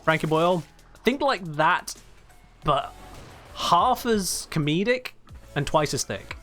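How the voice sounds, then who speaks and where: A man's voice: a little high, lively intonation, slow, bright, forceful tone, faint music behind. A British man chatting casually on a live game stream, rambling and reading chat aloud.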